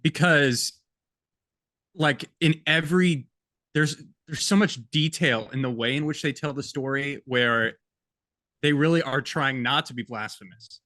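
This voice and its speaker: Bright-voiced chatty male podcast co-host. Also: medium pitch, measured pace, dry recording. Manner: chatty, jokey, reads quotes aloud. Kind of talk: casual film-review chat.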